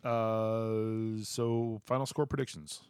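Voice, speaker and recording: A man's voice: lowish voice, level tone, slow, darkish tone, clean tone, no echo, studio quality. A man co-hosting a casual sports talk show, loose and joking, often trailing off and restarting.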